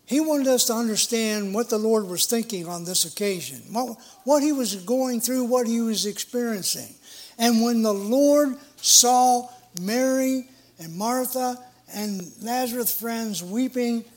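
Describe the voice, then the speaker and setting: A middle-aged man preaching a sermon in an earnest, emphatic way, with a measured delivery. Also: extremely high pitch, a little mellow.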